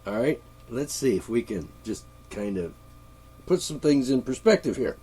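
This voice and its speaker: A man's voice: mid-range voice, expressive, normal speed, dark tone, breathy edge. A man with congested sinuses, delivering a sarcastic, rambling political monologue from his studio. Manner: sarcastic, mocking, chuckling. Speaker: podcast host. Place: home studio.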